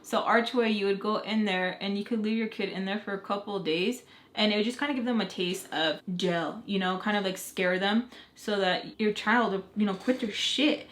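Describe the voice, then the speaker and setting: This young woman, a vlogger with a Utah American accent, speaks at a medium pitch and a moderate pace while casually telling a personal story. Animated throughout, she acts out the voices of her family. Her room echoes, and a faint noise is present.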